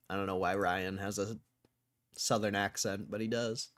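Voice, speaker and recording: A man's voice: fairly low pitch, fairly even intonation, normal speed, fairly bright tone, no room sound, studio quality. A man livestreaming stock market commentary, thinking aloud in a casual way and swearing freely as he mock-rants. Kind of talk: casual live-stream commentary.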